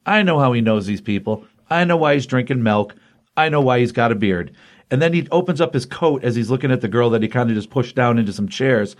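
Comic podcast co-host, a man, casual and animated. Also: medium pitch, brisk. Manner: animated retelling with acted quotes. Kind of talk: casual comic review chat.

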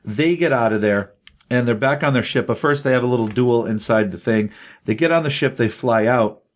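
Animated man retelling a comic. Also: medium pitch, fairly quick. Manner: animated retelling, acts out quotes. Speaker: comic book podcast co-host. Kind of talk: casual comic review chat.

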